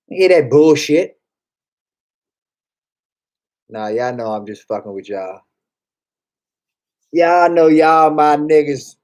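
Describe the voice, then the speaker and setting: Guy streamer, kinda high voice, slow lazy talk, joking and cussing at chat. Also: expressive, darkish tone. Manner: joking, profane, reads chat aloud. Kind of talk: casual chat.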